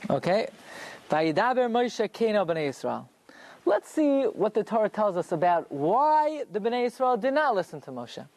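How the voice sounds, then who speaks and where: Male Torah teacher with a lively, swooping delivery, leading a classroom lesson through question and answer. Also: high-pitched, normal speed. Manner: explains through rhetorical questions and answers them himself.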